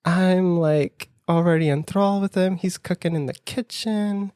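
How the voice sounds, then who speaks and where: Animated man telling a dating story. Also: sits high, moderate pace, few pauses, no echo, clean studio sound. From United States, near New York. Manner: animated, acts out his own lines in quotes; frequent "like" fillers, laughs through story. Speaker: podcast co-host. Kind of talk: casual storytelling chat.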